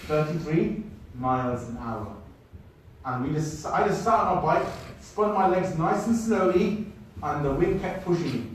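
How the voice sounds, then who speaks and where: A man telling a travel story to an audience in an animated way, speaking to them directly. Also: a little high, slight background noise. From United Kingdom. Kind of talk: storytelling talk. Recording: echoey hall, mic at a distance.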